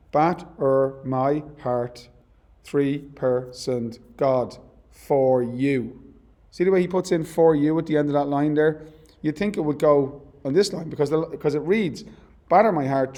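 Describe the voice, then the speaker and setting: A male teacher with a mellow, warm voice talks through a poem in a relaxed classroom manner. He explains terms conversationally, correcting himself as he goes, and slows right down to read verse lines aloud with care. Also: mid-range voice. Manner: reads poem lines slowly and deliberately. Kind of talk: literature lesson.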